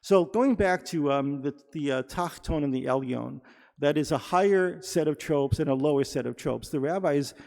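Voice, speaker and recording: A man with a fairly high, gravelly voice gives a teaching sermon, explaining points patiently and stumbling over fillers and restarts as he goes. His voice rings with a long reverb in a synagogue sanctuary. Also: moderate pace, darkish tone. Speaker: rabbi or cantor.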